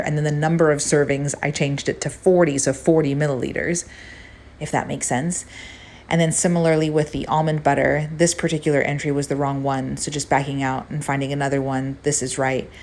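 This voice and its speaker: Upbeat low-voiced woman chatting. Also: flat delivery, brisk, darkish tone, a little hiss or hum. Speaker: fitness and nutrition coach. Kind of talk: casual recipe vlog chat.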